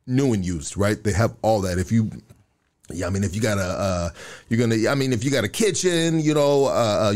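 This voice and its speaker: A man hosting a podcast, reading sponsor shout-outs in loose street slang before handing over to his guest. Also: on the low side. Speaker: podcast host. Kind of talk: casual podcast talk with sponsor reads.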